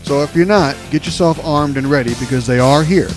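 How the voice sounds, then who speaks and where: A man's voice: fairly high pitch, a little fast, over music. A man hosting a talk show, delivering sarcastic, mocking political commentary. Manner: mocking, scornful.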